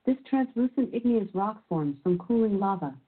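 A woman's voice: medium pitch, expressive, moderate pace, breathy edge. Synthetic woman's voice reading quiz clues. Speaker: quiz game voice assistant. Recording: tinny phone-like sound.

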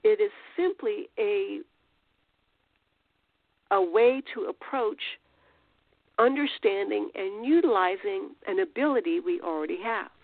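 A woman's voice: mid-range voice, animated, measured pace, long pauses, dry recording. Woman podcast host, casual faith teaching, rambling, phone-line audio, dry. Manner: conversational, rambling with restarts and fillers. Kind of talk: informal spiritual teaching.

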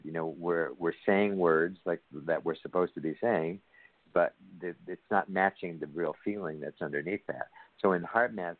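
A man speaking as a guest in an interview, animated and thoughtful. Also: sits low, no echo. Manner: animated, acts out quoted dialogue. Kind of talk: conversational interview. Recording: phone-like line, dry.

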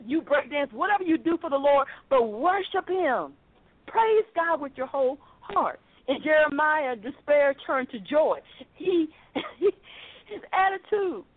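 A woman's voice: high-pitched, no room sound. A woman preaching a sermon over a phone call, fervent and rhythmic, repeating her phrases. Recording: tinny phone line.

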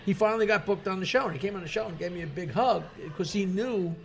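A man, a comedian guest, telling rambling anecdotes in an animated, casual way and laughing often. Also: sits high, fast, creaky. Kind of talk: casual storytelling. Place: bar or restaurant.

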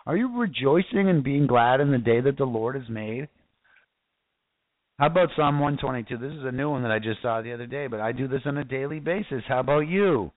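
A man's voice: medium pitch, lively intonation, normal speed, dry recording, phone-quality sound. A man preaching casually, reading scripture aloud and fervently calling out to his listeners. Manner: fervent, exclamatory, addresses listeners directly.

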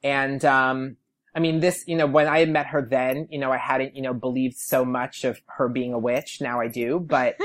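A young man, a podcast guest, telling a story in a casual way and acting out what people said in lively voices. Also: mid-range voice, normal speed. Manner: animated, quotes people in lively put-on voices.

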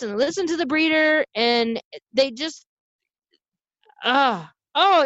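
A woman pet nutritionist talking casually on a podcast, passionate and animated, often restarting her sentences. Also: fairly high pitch, no room sound, dull audio.

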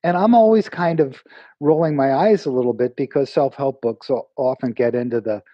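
A man's voice: medium pitch, normal speed, no room sound, highs cut off. A man being interviewed as an author, telling a story with animation and acting out the lines of the people in it. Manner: animated, acts out quoted dialogue. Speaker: author and guest.

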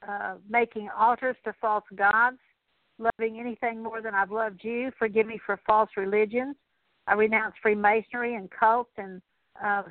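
A middle-aged woman leading a spoken prayer of repentance, slow and halting, with many fillers and repeated words. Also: on the high side, dry recording. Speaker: Christian teacher. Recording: tinny dry phone-like radio recording.

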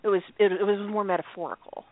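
Co-hosting a casual radio chat, a woman speaks fast at medium pitch with fairly even intonation, laughing often and restarting as she tells stories. The sound is tinny and phone-like, with no echo.

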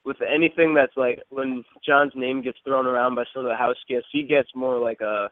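A man's voice: mid-range voice, steady tone, normal speed, no room sound. A young man, a guest on a casual radio interview, easygoing and hesitant, with lots of ums. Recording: tinny phone-line audio.

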